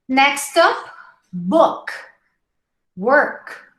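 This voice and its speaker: A woman with a fairly high voice teaches English pronunciation in a live online class. She speaks very slowly, stretching out each example word, and her pitch rises and falls a lot. The voice sounds echoey, as if recorded in a reverberant room. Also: very animated, a bit bright. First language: Portuguese. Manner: slow, drawn-out modeling of each word.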